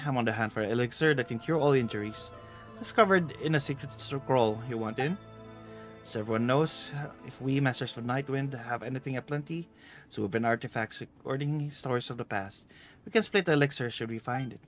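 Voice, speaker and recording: A man's voice: medium pitch, close to an everyday voice. A man reading as a teasing older woman adventurer. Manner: teasing, bossy, playful read-aloud. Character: playful older woman treasure hunter with a bad back. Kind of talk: reading game dialogue aloud.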